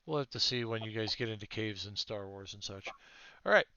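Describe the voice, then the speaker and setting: A man's voice: on the low side, fairly quick, bright, forceful tone, clean tone, no room sound. A man narrating a tabletop role-playing game as game master, laughing often and mocking himself lightly. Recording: dull lo-fi dry sound.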